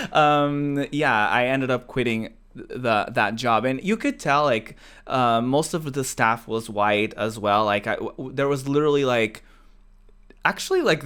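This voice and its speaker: A man's voice: medium pitch, a bit bright, clean tone. A young man from Portugal hosting a casual chat show, talking in a rambling way with many fillers and restarts. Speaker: podcast host.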